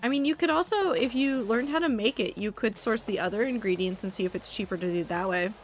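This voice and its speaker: A woman's voice: fairly high pitch, quick pace, slight background noise, low-quality recording. A woman streaming a game, chatting casually with her chat in a wry, talkative way and swearing now and then. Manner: chatty, wry, reacting to chat with asides and profanity.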